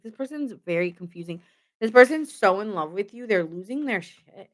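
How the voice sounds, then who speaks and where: A woman's voice: mid-range voice, expressive, normal speed. Chatty young woman giving a tarot reading. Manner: chatty and rambling, lots of "like", laughs often; chats with viewers in the comments. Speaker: tarot reader. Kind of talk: casual live tarot reading.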